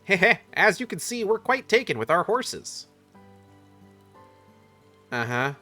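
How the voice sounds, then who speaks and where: A man's voice: sits high, very animated, unhurried, bright, forceful tone, faint music behind, pitched above the performer's own voice, heavily acted. A man reading game dialogue aloud, voicing a courtly official who speaks in a formal, old-fashioned way. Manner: stately, archaic phrasing.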